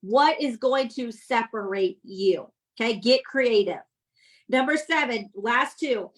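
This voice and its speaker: A woman with a slightly high voice speaks slowly, coaching her sales team on tips with plenty of energy. She repeats her points and keeps asking "does that make sense?" to check everyone follows. The audio is poor.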